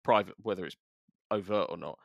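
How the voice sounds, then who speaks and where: A middle-aged man with a somewhat low voice chats casually on a podcast. He rambles through long thoughts, stumbles over stammered restarts and keeps a wry edge. The sound is close and dry. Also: brisk, creaky, dry recording, dull audio. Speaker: podcast host, music journalist. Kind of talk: casual chat.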